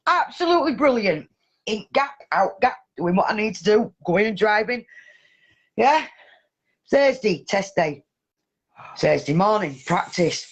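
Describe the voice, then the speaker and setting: A woman hosting a casual chat, telling a story in an animated way and swearing heavily. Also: medium pitch, measured pace, pauses often, husky. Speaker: podcast host.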